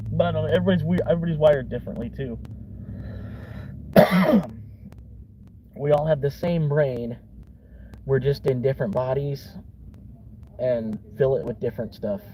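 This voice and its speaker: A man's voice: mid-range voice, measured pace, pauses often, warm tone, low-quality recording. A man from Florida, a vlogger rambling casually from his car, laid-back, chuckling often and swearing easily. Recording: car interior with vehicle noise.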